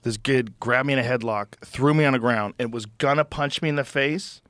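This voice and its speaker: A man from Massachusetts co-hosting a podcast, telling self-deprecating stories in casual chat with an easygoing, halting manner, recorded on a studio mic. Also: mid-range voice, a bit bright, no room sound. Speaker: podcast co-host.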